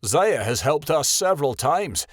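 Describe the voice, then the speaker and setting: A man's voice: a little high, very animated, measured pace, no echo, studio quality, pitched above the performer's own voice. A man voicing a serious, protective young male wolf. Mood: stern. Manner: stern, urgent.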